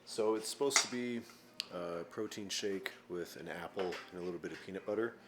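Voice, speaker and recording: A man's voice: low-pitched, noisy background. A young man in casual chat, an easygoing fitness vlogger who rambles a little and chuckles often while cooking at home.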